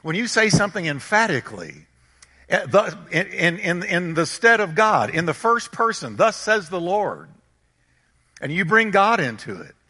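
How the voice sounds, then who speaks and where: Man preaching a sermon, high bright voice, keeps repeating himself for emphasis, lots of hall reverb. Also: very animated, normal speed, husky. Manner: emphatic, repeats phrases, rhetorical questions to the congregation. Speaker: pastor.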